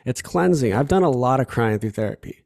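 A man's voice: mid-range voice, lively intonation, a little fast, gravelly, darkish tone. A man from Chicago talking earnestly and from the heart as a podcast guest, often repeating himself. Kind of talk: candid conversation.

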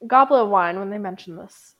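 A woman's voice: mid-range voice, fairly quick, dull audio. A woman co-hosting a podcast in a casual book discussion, quoting passages and chiming in with her own comments. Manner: chatty, quotes the book and cuts in with comments. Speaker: podcast co-host.

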